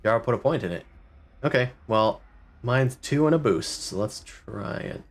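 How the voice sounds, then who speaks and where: A man's voice: mid-range voice, animated, normal speed. A man acting as game master, loosely describing scenes and making rules calls. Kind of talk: running a tabletop game.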